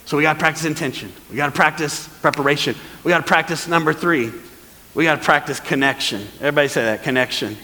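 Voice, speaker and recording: A man preaching a sermon as pastor, lively and calling on the congregation to answer back. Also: a little high, fast talker, long reverb tail, poor audio. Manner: lively, calls for congregation responses. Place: church hall.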